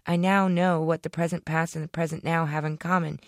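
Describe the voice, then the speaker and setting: A woman's voice: deep voice, flat delivery, a little fast, no echo. A woman voicing a self-important, scheming young female rebel who talks in an emphatic, bossy way, read dry and close.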